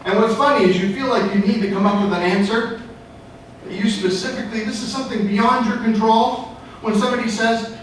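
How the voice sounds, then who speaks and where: A man's voice: sits high, a little fast. A man giving a playful, jokey motivational talk on stage to a real estate crowd, acting out customers and brokers. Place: large event hall with live audience. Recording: echoey hall recorded from far off, noisy.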